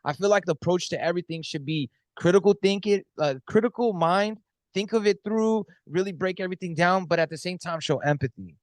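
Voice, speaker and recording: A man's voice: high-pitched, fairly quick, dry recording. A man co-hosting a podcast, talking earnestly in casual chat and telling stories with acted-out quotes. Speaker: podcast co-host.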